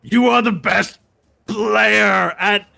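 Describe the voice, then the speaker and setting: A man voicing an angry male brute who is forced to shout praise he doesn't mean. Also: high-pitched, slow pace, gravelly, pitched above the performer's own voice, exaggerated voice. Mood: grudging, furious.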